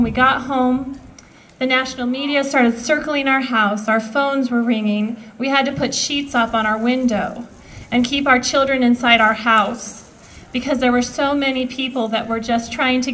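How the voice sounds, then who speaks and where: A woman's voice: sits high, fairly bright tone, slight background noise, poor audio. A woman in her thirties giving an earnest, emotional speech at an outdoor political rally. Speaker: rally speaker.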